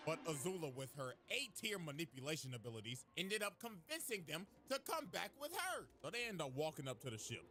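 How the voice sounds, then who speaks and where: A man's voice: fairly high pitch, sing-song, a little fast, background noise. A young man giving a comedic cartoon recap in slangy, profane, joking narration. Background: music.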